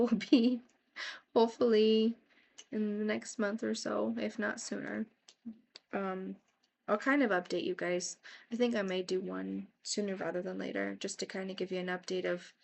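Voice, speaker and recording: A woman vlogger giving a casual, rambling personal update, repeating herself, with fillers and soft laughs. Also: mid-range voice, gravelly.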